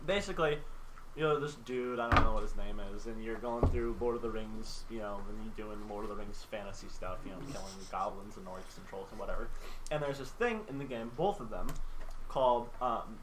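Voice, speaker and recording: A man's voice: mid-range voice, a little fast, background noise. A man hosting a casual podcast, telling a game story in a rambling way with lots of fillers. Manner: rambling, filler-heavy storytelling, acts out orc lines. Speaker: podcast host. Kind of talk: casual chat. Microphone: home mic on a live stream call.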